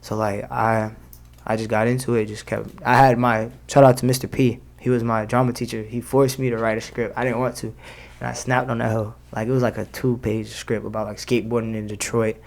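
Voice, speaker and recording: A man's voice: medium pitch, level tone, brisk, gravelly. A young man, a rapper, talking casually in an interview, full of slang and fillers. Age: young adult. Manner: slangy, loose, many fillers. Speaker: rapper guest.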